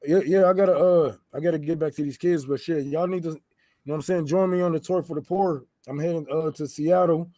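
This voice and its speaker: Male guest, a bit high-pitched, casual and profane, dry close recording. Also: steady tone, fast, warm tone, no room sound. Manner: loose, profane, trailing off. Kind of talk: casual chat.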